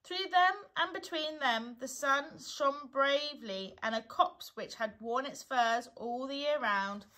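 Brief: teacher reading a storybook to children, bright and lively, never rushed. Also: female voice, high-pitched. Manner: gentle, unhurried storytelling with a lively lilt. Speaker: primary school teacher reading aloud. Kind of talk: children's storybook read-aloud.

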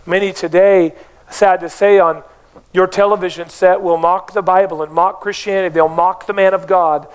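A man's voice: high-pitched, steady tone, normal speed, clear, resonant tone. A man preaching a sermon as pastor of a church, emphatic, with rhetorical questions to the congregation.

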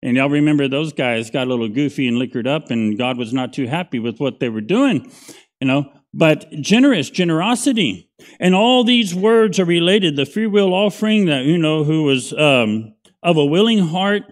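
A man's voice: on the high side, animated, normal speed. A middle-aged man, a pastor teaching a Bible study in a conversational, folksy way, often checking in with "right?".

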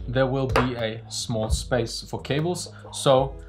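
A man's voice: mid-range voice, slow pace, music in the background. A man hosting a casual gear review vlog, joking and explaining, recorded outdoors on a windy day with a lavalier mic. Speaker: video host reviewing filming gear. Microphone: lavalier mic into a phone.

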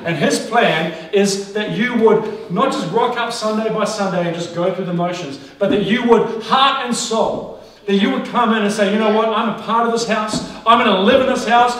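Excitable male preacher, high and bright, booming around a big reverberant church. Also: normal speed. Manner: energetic, exclamatory preaching with frequent laughter. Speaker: pastor. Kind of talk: sermon. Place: large church auditorium. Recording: very echoey hall, mic at a distance.

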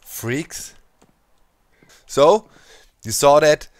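A man with a German accent hosting a gaming video, talking to viewers in an animated, playfully scheming way. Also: on the high side, drawn-out words, no echo. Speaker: Minecraft let's play host. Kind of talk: gaming commentary.

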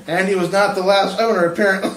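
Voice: medium pitch, steady tone, fairly quick, a bit bright, far from the mic. Laughing co-host with teasing quips. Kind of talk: casual chat, interjecting jokes. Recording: echoey room.

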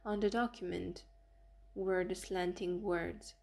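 Woman, audiobook narration, gravelly, flat intonation. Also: mid-range voice, a little slow. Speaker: audiobook reader.

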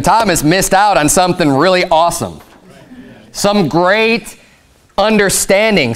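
Male pastor with a high voice, emphatic, animated sermon delivery. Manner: animated, emphatic preaching, acts out quotes.

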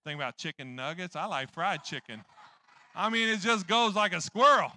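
A man's voice: sits high, a little fast, sharp tone. A man preaching a sermon in church, rambling and joking at his own expense. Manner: rambling, joking, self-deprecating.

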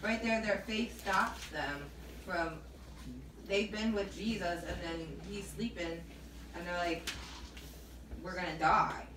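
Woman speaking slowly from far off. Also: on the low side. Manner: slow, thoughtful, with "um" pauses. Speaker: Bible study participant. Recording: echoey room, far from the mic, noise.

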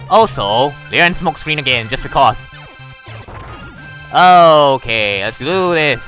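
A man's voice: on the high side, expressive, measured pace, bright, forceful tone, faint music behind. Exasperated man playing a game. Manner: exasperated, mild swearing. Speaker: gamer. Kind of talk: casual let's-play commentary.

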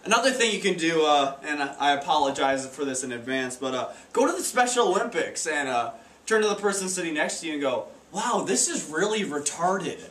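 A man's voice: on the high side, big pitch swings, fast talker, fairly bright tone. A teenage boy doing an amateur stand-up routine, stumbling and awkward with many fillers. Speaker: stand-up comedian. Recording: echoey room, taped from far off.

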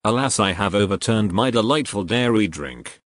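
A man's voice: lowish voice, lively intonation, moderate pace, very noisy. A man dubbing short comedy sketches, speaking every line in a stiff, overly wordy, formal way. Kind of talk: comedic dub of cartoon sketches.

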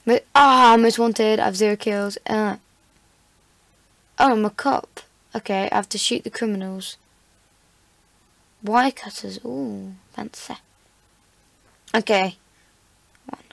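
Gravelly, chatty woman gamer. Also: medium pitch, fairly even intonation, slow, long pauses, a bit bright, no room sound. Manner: chatty, playful and self-mocking. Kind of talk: casual gameplay commentary. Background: faint background music.

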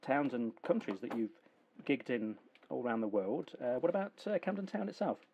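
A man hosting a radio interview, affable and quick, often trailing into fillers as he asks his questions. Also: mid-range voice, sing-song, creaky, a little mellow, highs cut off, slight background noise. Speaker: radio show host. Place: radio studio.

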